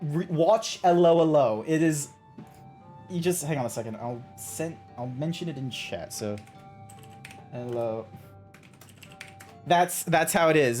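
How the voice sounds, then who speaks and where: A man's voice: on the high side, takes it slowly, pauses often, darkish tone, soft background music. A man streaming a game, chatting casually and rambling through a story with lots of ums and restarts. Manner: rambling storytelling with many fillers and restarts, laughing at his own retellings. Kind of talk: casual chat while gaming.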